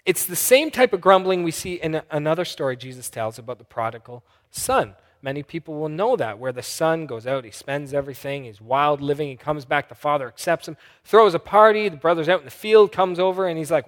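Preacher storytelling in an echoing hall. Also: male voice, fairly high pitch, moderate pace. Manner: animated storytelling, acting out voices. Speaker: pastor. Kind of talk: sermon.

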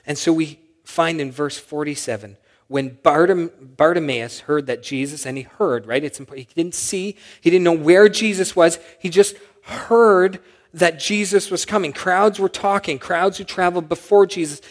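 A man preaching a sermon as pastor, animated, rising to loud acted-out shouts when quoting. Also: on the high side, normal speed, big-room sound. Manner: animated, acts out shouted quotes with sudden loud rises.

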